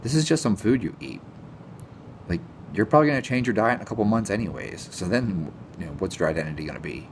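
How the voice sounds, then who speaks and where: A man's voice: on the low side, expressive, fast talker, a little hiss or hum. Sarcastic, exasperated man ranting. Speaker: nutrition vlogger. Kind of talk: casual ranting monologue to camera.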